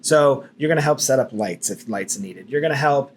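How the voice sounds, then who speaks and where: A man co-hosting a chatty podcast, mid-pitched and easygoing. He makes dry, wry asides and often trails off into quieter mumbles before picking the thread back up. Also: moderate pace, breathy edge. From United States. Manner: relaxed, wry asides, trails off into low mutters. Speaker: podcast co-host, photographer. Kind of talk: casual podcast chat.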